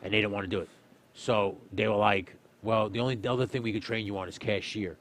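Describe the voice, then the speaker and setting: A young man casually telling a story on a stream, swearing often and loudly acting out what people said. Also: lowish voice, fast talker. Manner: animated, swearing, acts out quotes loudly. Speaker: streamer, host.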